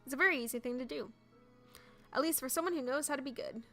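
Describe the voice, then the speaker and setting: A woman voicing a gentle female fairy who speaks softly and reassuringly in a game playthrough. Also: sits high, fast talker, soft background music.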